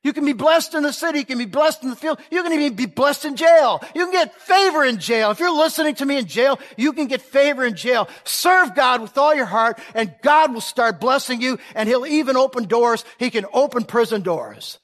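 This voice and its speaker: A male preacher delivering a sermon, who switches between shouting for emphasis and a calm, conversational way of talking. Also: very high voice, fairly quick, few pauses, long reverb tail.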